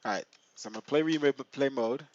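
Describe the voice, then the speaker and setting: A young man live-streaming a flight simulator, chatting excitedly to his viewers and laughing often. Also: mid-range voice, fast talker, highs cut off. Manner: excitable, laughing, talks to chat.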